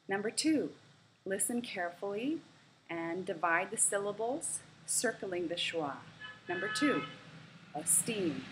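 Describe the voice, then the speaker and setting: Woman, pronunciation teacher, slow measured delivery, careful enunciation, drills repeated words, faint background hiss. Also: medium pitch. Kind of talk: instructional lesson narration.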